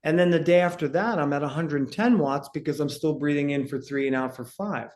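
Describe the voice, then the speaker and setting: A man's voice: on the high side, brisk, darkish tone. A man talking as a breathing instructor on a podcast, explaining energetically in casual chat and checking in with "right?".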